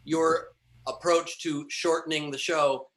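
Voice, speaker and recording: Guy co-hosting, bright voice, teasing his cohost kind of deadpan. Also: on the high side, takes it slowly, slight background noise. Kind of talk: casual banter.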